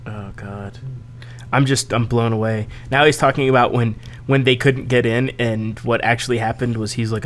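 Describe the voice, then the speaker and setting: A man co-hosting a podcast tells stories through casual, crude banter, swearing freely and laughing often as an animated storyteller. He speaks at a medium pitch and normal speed, with slight background noise.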